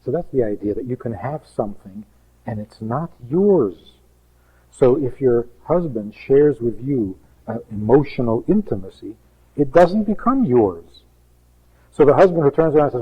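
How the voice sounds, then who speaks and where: A man's voice: medium pitch, expressive, moderate pace, breathy edge, narrow, tinny audio. A man, a rabbi, giving an emphatic teaching talk full of rhetorical questions and acted-out quotes.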